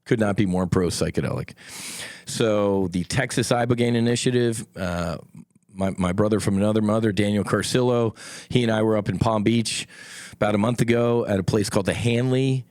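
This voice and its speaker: A man's voice: fairly low pitch, moderate pace, a little mellow, no room sound, studio quality. A middle-aged man hosting a solo podcast, talking in a blunt, impassioned way and swearing freely. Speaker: podcast host.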